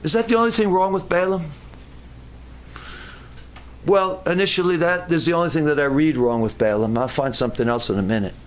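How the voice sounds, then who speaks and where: A high-voiced man preaching, animated as he retells a scripture story. He breaks off for jokey asides and often stumbles into restarts. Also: a little fast, pauses often, a little hiss or hum. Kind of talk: sermon.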